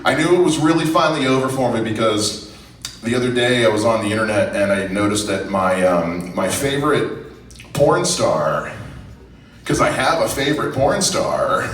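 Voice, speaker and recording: Self-deprecating young stand-up comic, roomy. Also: male voice, medium pitch, recorded from a distance. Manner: self-deprecating, profane, conversational. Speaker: stand-up comedian. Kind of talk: stand-up set. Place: comedy club stage. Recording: roomy club sound from afar, faint noise.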